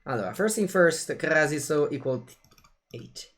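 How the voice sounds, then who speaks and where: A man's voice: fairly high pitch, normal speed. A young man with an Italian accent chatting casually with viewers while streaming a card game. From Italy. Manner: chatty, animated, switches between English and Italian phrases.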